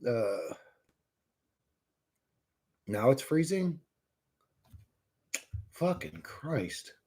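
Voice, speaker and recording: A man's voice: mid-range voice, very animated, drawn-out words, vocal fry, darkish tone. A man hosting a live stream, talking straight to his viewers in a heated, profane rant. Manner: swearing, heated, mocking; chats to viewers in the stream chat. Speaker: livestream host.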